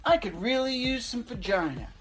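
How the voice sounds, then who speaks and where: A man's voice: very high-pitched, lively intonation, moderate pace, soft background music, voice pushed up. A woman reading aloud and voicing a blunt, crude young man who is impatient.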